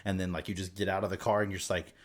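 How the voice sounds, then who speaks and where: A man co-hosting a podcast, telling a story in casual chat with lots of swearing, fillers and excited asides. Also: deep voice, racing. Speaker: podcast co-host.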